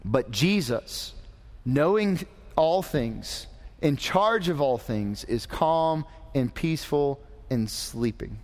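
A man's voice: on the high side, lively intonation, takes it slowly, darkish tone. A man preaching a sermon in a conversational way, adding joking asides to his congregation. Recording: long hall reverb.

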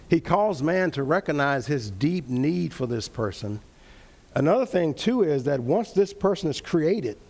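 A man leading an interactive Bible study, teaching earnestly, repeating key phrases and reading verses slowly. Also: on the high side.

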